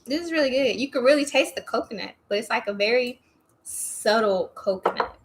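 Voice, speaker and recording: A woman co-hosting a casual beer tasting chat, blunt, swearing freely and animated. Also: fairly high pitch, brisk. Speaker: co-host of a beer tasting stream.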